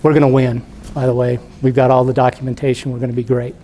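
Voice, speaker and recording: Middle-aged man, guest speaker, animated storytelling, mid-pitched voice. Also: fast, a little hiss or hum. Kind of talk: storytelling talk to students.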